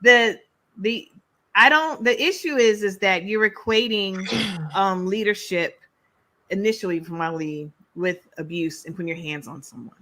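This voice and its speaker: Woman on a panel show lecturing a guy, fed up, bright voice. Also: mid-range voice, measured pace. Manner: exasperated, lecturing. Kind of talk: heated panel debate.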